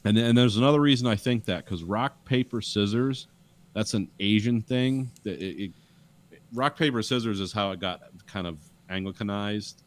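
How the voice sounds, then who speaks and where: Rambling low-voiced man chatting. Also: normal speed. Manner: rambling, many restarts, acts out quotes. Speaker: podcast co-host. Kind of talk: casual chat.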